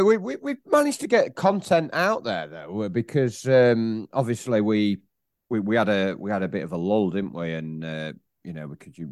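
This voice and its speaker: Deep-voiced podcast host. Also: male voice, no echo, clean studio sound. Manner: rambling, many restarts and fillers. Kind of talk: casual chat.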